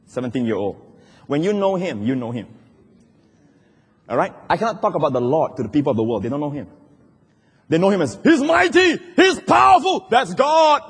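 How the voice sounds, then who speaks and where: A man preaching a sermon as pastor, swinging from loud cries down to low, quiet asides. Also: big pitch swings, fairly quick, long pauses, breathy edge. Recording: long hall reverb.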